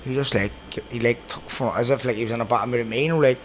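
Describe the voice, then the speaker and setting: A Belfast man hosts a casual podcast and rattles through his stories at a rapid clip, swearing at every turn. His pitch sits in the ordinary middle for a man, and a faint hum of room ambience lingers behind him. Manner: swears constantly, animated anecdotes. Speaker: podcast host. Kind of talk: casual storytelling chat.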